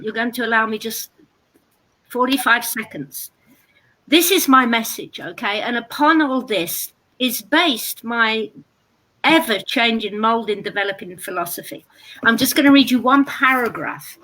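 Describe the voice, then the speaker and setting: Casting note: British woman, bright, fairly high voice, dry wit, blunt delivery. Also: poor audio. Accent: British English. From Britain. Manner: dry, blunt, darkly humorous. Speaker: guest speaker. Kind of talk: interview on stage. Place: live event before an audience.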